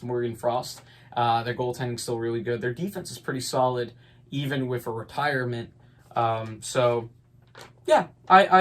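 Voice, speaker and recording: Guy rambling thru his hockey picks, lots of ums, upbeat, normal mid voice. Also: mid-range voice. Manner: rambling, filler-heavy, upbeat opinions. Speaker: podcast host. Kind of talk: casual sports talk.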